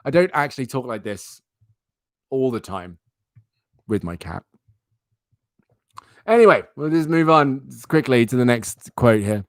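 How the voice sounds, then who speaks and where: A young man talks casually on his live stream. His pitch swings widely, and he jumps into sudden silly yelps. The sound is dry and close, with no room echo. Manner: animated, jumps into loud silly exclamations. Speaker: livestream host.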